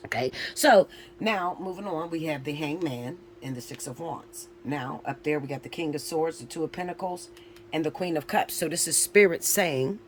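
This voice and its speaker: A man's voice: fairly high pitch, slight background noise. A man giving a casual spoken tarot reading, talking loosely and informally and checking in often with his listener. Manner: chatty, tags lines with "all right?" and "okay?"; loose and informal, with occasional swearing. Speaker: tarot reader.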